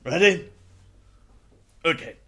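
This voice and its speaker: A man's voice: a little high, lively intonation, takes it slowly, pushed and bright, slightly rough. A man, a comedy performer playing a voice-over artist in a sketch, casual and easily flustered.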